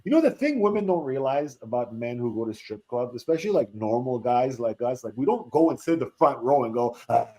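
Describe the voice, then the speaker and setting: A man's voice: medium pitch, sing-song, fairly quick, hardly any pauses, a little mellow. A man chatting casually on a podcast in a laid-back, shrugging way. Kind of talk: casual chat.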